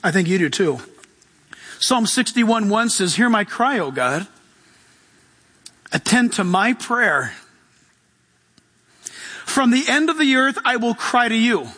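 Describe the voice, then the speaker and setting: A man preaching a sermon as pastor, animated, acting out voices and swinging between loud and hushed. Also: extremely high pitch, takes it slowly, pauses often, big-room sound.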